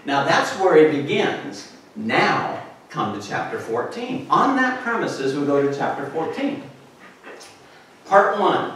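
An older man preaches from the pulpit in a high, lively voice that swings up and down as he tells stories and acts out other people with a laugh. He sounds far from the mic, and the church around him rings with a heavy echo and a faint room hum. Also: measured pace. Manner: animated, laughing storyteller who acts out voices. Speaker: pastor. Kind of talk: sermon. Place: church sanctuary. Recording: echoey church recording from far off.

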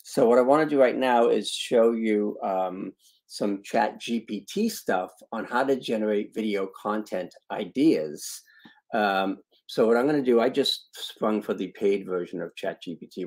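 A man's voice: on the low side, darkish tone, breathy edge. Upbeat man presenting a live webinar. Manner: chatty, with asides to attendees. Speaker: online video marketing trainer. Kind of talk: live webinar training, screen-share demo.

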